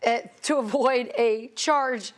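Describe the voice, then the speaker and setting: A woman hosts a TV interview program, reading introductions and questioning her guest. Her voice sits high. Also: slow. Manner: scripted introductions, brief affirmations. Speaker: TV talk show host. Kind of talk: interview hosting.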